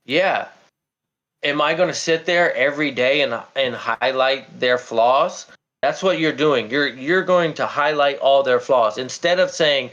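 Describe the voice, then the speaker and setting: A man's voice: mid-range voice, measured pace, fairly bright tone. A man hosting a livestream who argues heatedly, stammers and repeats himself as he tells a story. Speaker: livestream host. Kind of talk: heated debate. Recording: dull lo-fi stream audio.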